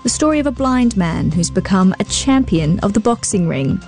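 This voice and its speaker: A woman presents a news podcast with a clear, measured delivery. Her scripted links come at a middling pitch. Faint music sits underneath her. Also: expressive, a little mellow.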